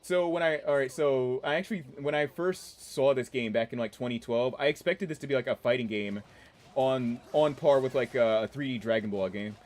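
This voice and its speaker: A man's voice: medium pitch, normal speed, a little mellow. A man in his twenties from the Washington DC area, with a mixed DC-area and New York accent, rambling and laughing as he reads chat during a casual game stream. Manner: rambling, chatty, laughs often. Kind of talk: casual gameplay livestream chat.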